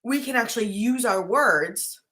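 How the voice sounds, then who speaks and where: A woman life coach chats casually to camera with her viewers, her voice on the high side, a little slow and sharp in tone. Earnest and chatty, she often checks in with "right?" and briefly gets choked up at times.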